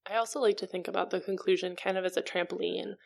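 A woman's voice: fairly low pitch, steady tone, fast talker, creaky. A woman co-hosting a podcast, chatting casually and playfully, with frequent "kind of" and "um.". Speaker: podcast co-host. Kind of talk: casual chat.

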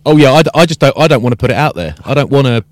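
A man hosting a casual podcast chat, telling an animated story and acting out the exchanges. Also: mid-range voice, racing, no echo. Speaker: podcast host and rugby commentator.

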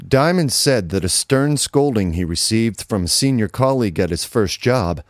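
A man with a fairly low voice reads a business feature in a steady, measured newsreader style. The recording is dry and close, with no room sound around him. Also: dry recording. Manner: measured, even newsreader delivery, reading quotes aloud. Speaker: narrator reading an article. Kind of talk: scripted read-aloud narration.

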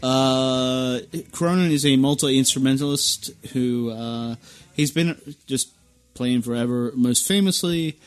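A man's voice: mid-range voice, slow, few pauses, smooth. Rambling male podcast host. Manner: rambling, restarts and repeats words often. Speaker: podcast host reviewing albums. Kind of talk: casual chat.

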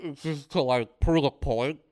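A man co-hosting a podcast, talking about a film in a loose, animated way with many fillers. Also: a little high, measured pace, dry recording. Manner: animated, loose, says "like" a lot. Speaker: podcast co-host. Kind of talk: casual film discussion.

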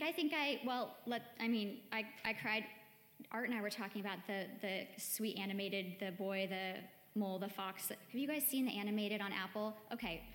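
A woman giving a chatty, conversational sermon to a church gathering, often saying "like". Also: medium pitch. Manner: chatty, warm-hearted, peppered with "like". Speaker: church speaker. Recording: echoey hall with long reverb, faint music.

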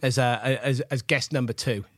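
A man in his forties from England, an animated chef rambling through stories as a podcast guest, with lots of fillers and laughs. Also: medium pitch, normal speed, no echo, studio quality. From Gloucester, England. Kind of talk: casual storytelling chat.

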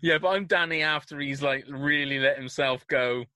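A British man co-hosts a radio show and reads out listener questions in a loose, chatty way. His voice sits bright and forward, and the close, dry mic leaves no room sound. He rambles and corrects himself as he talks. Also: fairly high pitch, normal speed, dry recording. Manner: rambling, self-correcting, chuckling. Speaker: radio co-host. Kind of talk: casual banter reading listener questions.

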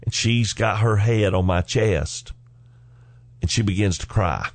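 A man in his forties, hosting a podcast, telling personal family stories in a folksy, animated way with chuckles along the way. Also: fairly low pitch, a little slow, no echo. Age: 40s. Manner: folksy, animated storyteller who chuckles between lines. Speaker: podcast host. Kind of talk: personal storytelling.

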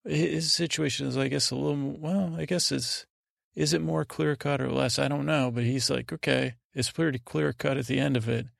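A man hosting a sleep podcast, recapping a TV episode in a meandering, hesitant way, often breaking into quick impressions of the characters. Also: medium pitch, fairly even intonation, gravelly, dry recording, clean studio sound. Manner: meandering, hesitant, acts out scenes in quick voices. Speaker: podcast host.

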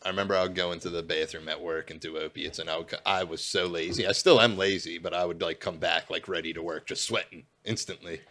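A man's voice: sits low, steady tone, quick pace, hardly any pauses, bright, forceful tone. A young man, chatting casually with crude, laid-back humor. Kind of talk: casual chat.

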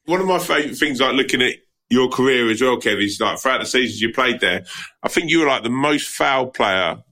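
A man's voice: medium pitch, animated, fairly quick, sharp tone. A man hosting a podcast, asking questions with curiosity and laughing easily. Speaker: podcast host. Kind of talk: casual interview questions.

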